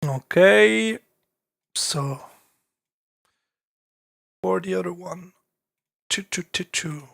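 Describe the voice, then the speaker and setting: A man's voice: high voice, extremely slow, gravelly, pauses often, a bit bright, dry recording, studio quality. A man with a French accent talking casually on a live stream as he produces music, thinking aloud with many fillers and restarts.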